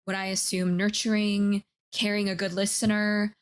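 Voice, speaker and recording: A woman co-hosting a casual reality-TV reaction chat. She talks in a measured, thoughtful way and hedges a lot with "maybe" and "kind of". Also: mid-range voice, little pitch movement. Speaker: co-host.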